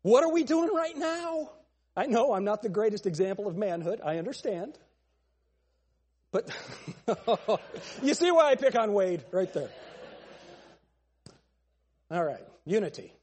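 Emphatic husky-voiced male pastor. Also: high-pitched, animated, measured pace, pauses often. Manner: emphatic, rising to shouts, with rhetorical questions. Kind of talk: sermon.

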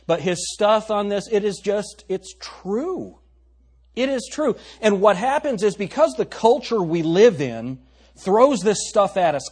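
Husky pastor preaching. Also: male voice, a little high, a little mellow. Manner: conversational, asks the congregation questions. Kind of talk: sermon. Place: church sanctuary.

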